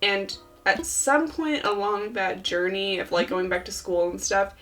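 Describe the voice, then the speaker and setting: A woman's voice: mid-range voice, animated, unhurried, a bit bright, faint music behind. A young woman co-hosting a let's play, chatting earnestly and casually, with plenty of likes and ums. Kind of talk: casual chat while gaming.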